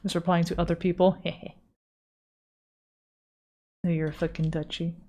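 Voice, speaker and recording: A woman's voice: fairly low pitch, level tone, a little slow, mellow. A young adult woman streamer chatting casually and self-deprecatingly while drawing live, swearing now and then and reading chat aloud. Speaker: art streamer.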